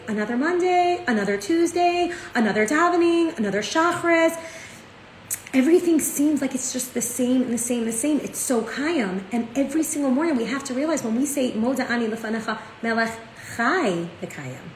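A Torah class teacher with a voice that sits high gives a casual, chatty lesson. She tells stories animatedly, sprinkling in "like" and "right?" asides, while an echoey room adds a faint hum of ambience.

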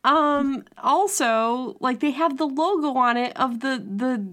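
A woman's voice: high voice, a little slow, a bit bright. A woman co-hosting a podcast in casual chat, wry and critical as she tells anecdotes. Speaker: podcast co-host.

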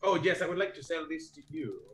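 A man's voice: on the high side, animated, fast talker, a bit bright. A man playing a tabletop game, chatty and haggling with the game master. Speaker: player.

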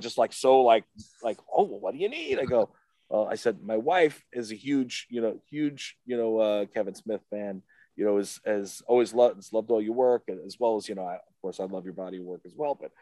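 A man's voice: on the low side, warm tone, no echo. A man, a guest on an interview show, tells a story in a casual, rambling way, often stopping with "what do you call it" and acting out the voices of the people in it. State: emotional, close to tears.

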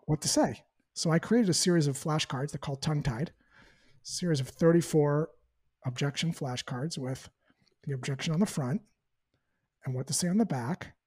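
A man giving a conversational sales coaching talk, animated and lively, acting out sample phone exchanges. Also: a little high, slightly rough. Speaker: sales trainer.

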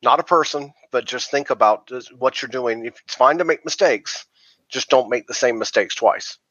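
A man guesting on a podcast, answering in a measured way with many fillers. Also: mid-range voice, a bit bright, dry recording, dull audio. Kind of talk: casual interview answers.

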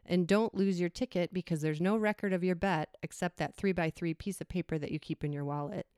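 A woman in her forties reading a personal essay aloud in a reflective, measured way. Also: on the low side, darkish tone, clear, resonant tone, dry recording, clean studio sound. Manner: reflective, measured reading with brief acted quotes. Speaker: storyteller.

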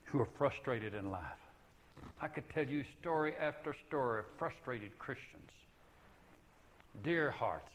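An older man delivering a sermon in a voice of middling pitch. He speaks earnestly, climbing to loud, emphatic peaks before sinking back to quiet, intimate lines, with a faint hiss of noise behind him. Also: poor audio. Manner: earnest, swings from loud emphatic peaks to hushed low passages. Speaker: preacher.

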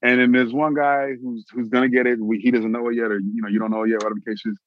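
A man from Austin, Texas, an actor telling his own story in an interview, animated and repeating phrases for emphasis. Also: medium pitch, racing, lo-fi sound. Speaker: actor, guest.

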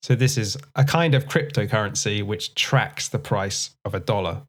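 A man's voice: on the low side, moderate pace. A man co-hosting a finance podcast, asking leading questions and slipping in dry jokes. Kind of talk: conversational finance chat.

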